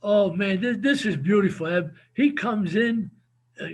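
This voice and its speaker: A man, telling animated stories as an interview guest and often repeating his words. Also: high-pitched, unhurried. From New Jersey. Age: 70s. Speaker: guest, former football coach. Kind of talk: casual storytelling interview.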